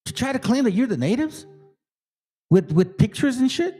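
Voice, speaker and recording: A man's voice: very high voice, big pitch swings, normal speed, mellow, breathy edge. A man hosting a Bible study commentary, emphatic and streetwise, who keeps checking in with the listener. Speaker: host.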